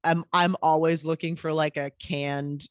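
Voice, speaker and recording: A woman's voice: deep voice, flat delivery, unhurried, no room sound, studio quality. A woman co-hosting a podcast in casual chat, laughing often and rambling through her thoughts. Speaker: podcast co-host.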